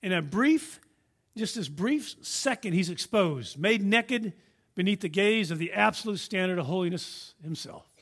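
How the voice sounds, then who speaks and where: Earnest high-voiced male preacher. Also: lively intonation, a little slow, husky. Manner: earnest, emphatic, rising and dropping to a hush; repeats and restarts words. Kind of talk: sermon.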